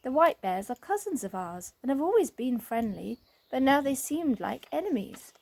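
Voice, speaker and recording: A woman voicing a gruff, kindly father bear in a storybook reading, with a growly voice. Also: high-pitched, very animated, normal speed, a little mellow, voice pushed up, full character voice. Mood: mournful.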